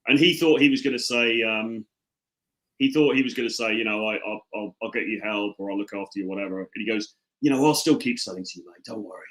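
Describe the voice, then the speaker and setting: A man telling rambling, deadpan stories on a casual podcast, full of restarts. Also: fairly low pitch, poor audio. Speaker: podcast co-host.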